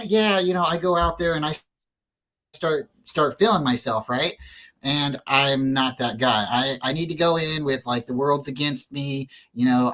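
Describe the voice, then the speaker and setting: A man's voice: mid-range voice, fairly bright tone, rough recording. A man as a guest on a talk show, telling stories in a casual, earnest, rambling way with plenty of fillers and restarts. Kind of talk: casual storytelling interview.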